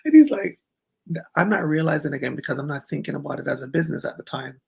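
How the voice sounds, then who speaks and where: A middle-aged woman and former runway model, telling a story as an interview guest in an animated, laughing way and acting out the people she quotes. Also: low voice, fast talker, creaky, slightly rough. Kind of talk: casual storytelling chat.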